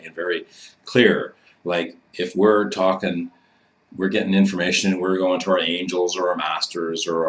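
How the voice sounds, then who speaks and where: Low-voiced man teaching casually. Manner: loose and profane, tags sentences with "eh". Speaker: instructor. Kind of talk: casual instructional talk.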